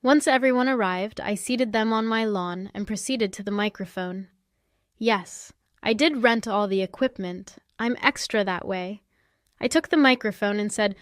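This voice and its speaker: A woman's voice: medium pitch, normal speed, no room sound, studio quality. A young adult woman narrating a first-person story in a sassy, confrontational manner.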